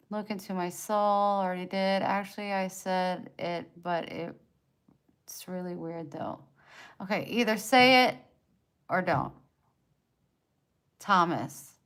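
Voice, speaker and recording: Soft-spoken woman with a country twang. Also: medium pitch, clean tone. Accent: American country twang. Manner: soft-spoken, drifting into near-whispers. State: short of breath. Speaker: livestreamer reading chat. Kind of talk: casual live-stream chat.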